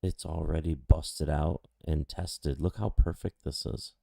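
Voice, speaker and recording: Excitable male chart streamer, slow deep delivery, dry close sound. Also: vocal fry, dry recording. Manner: excitable, exclaiming, pleading with the chart. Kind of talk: excited live chart commentary.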